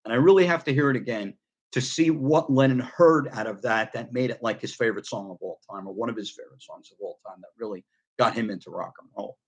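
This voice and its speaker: A man's voice: medium pitch, fast, husky, highs cut off. A middle-aged man from the United States chatting casually about a record album, rambling with frequent ums and restarts. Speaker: record collector vlogger.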